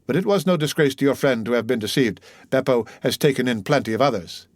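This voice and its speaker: A man's voice: mid-range voice, animated, fast talker, no echo, studio quality, natural voice. A man reading an audiobook, voicing a bandit messenger who speaks with deferential respect and gratitude. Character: grateful, devoted male bandit messenger.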